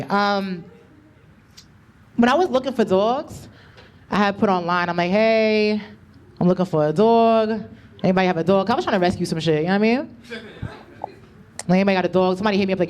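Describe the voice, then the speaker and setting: A woman performing stand-up, talking in a loose, slangy, conversational way. Her pitch swings up and down a lot as she tells it. Faint room noise sits behind her. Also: animated, moderate pace, long pauses. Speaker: stand-up comedian. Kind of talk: stand-up set. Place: comedy club stage.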